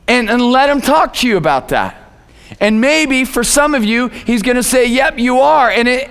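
A man preaches in a loose, conversational way, stumbling over and repeating words as he builds his points. His voice sits high and sounds smooth and resonant. It rings with the long reverb of a hall. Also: a bit bright. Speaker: pastor. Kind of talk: sermon. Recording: echoey hall.

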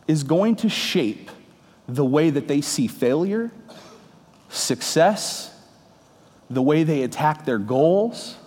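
A man's voice: a little high, darkish tone. Upbeat man preaching in a hall. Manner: conversational, joking with the congregation. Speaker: pastor. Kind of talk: sermon. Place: church hall with congregation. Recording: reverberant hall.

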